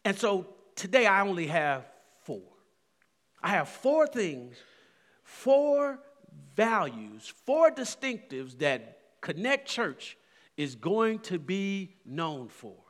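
A man's voice: high voice, very animated, slow pace, a bit bright, in a large hall. A man preaching a sermon as pastor, building fervor through repeated phrases. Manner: preaching with rising fervor and repetitions.

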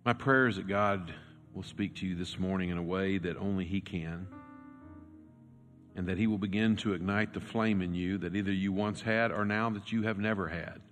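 A man preaching a sermon as pastor, telling a story and swinging from loud, urgent lines to hushed, quiet ones. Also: low-pitched, fairly even intonation, moderate pace. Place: church sanctuary. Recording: long reverb with faint music.

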